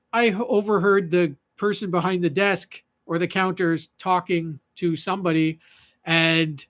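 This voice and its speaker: A man's voice: high voice, fairly bright tone. A man hosting a fly-tying livestream, telling a rambling funny fishing story and laughing at his own jokes.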